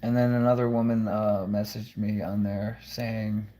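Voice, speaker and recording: A man's voice: fairly low pitch, flat delivery, unhurried, mellow. Man vlogging from home; loose, profane, rambling delivery. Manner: rambling, profane, frequent restarts. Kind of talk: casual rambling monologue.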